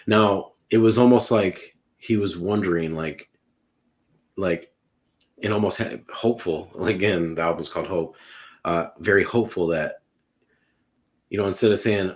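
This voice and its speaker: A man with a very low, deep voice chats about music on a podcast. He talks in an earnest, emotional way and rambles, restarting his sentences often. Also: normal speed, long pauses. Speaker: podcast panelist ranking songs. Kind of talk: casual music discussion.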